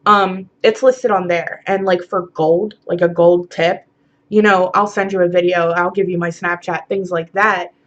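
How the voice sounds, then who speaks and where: A woman's voice: fairly low pitch, fairly even intonation, measured pace, a bit bright. Tired, blunt woman vlogging on dull lo-fi audio. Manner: blunt, frank, swears freely, rambling with many fillers. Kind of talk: casual confessional monologue.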